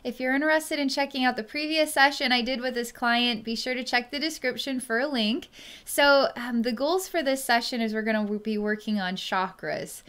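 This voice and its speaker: A woman psychic speaks slowly and hesitantly, pausing often as she tunes in. Her voice is smooth and clear, and it stays soft and quiet as she works through the reading. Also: fairly high pitch. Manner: slow, hesitant speech with many pauses and fillers; soft and quiet when tuned in. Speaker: psychic energy healer. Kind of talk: solo reading monologue to camera.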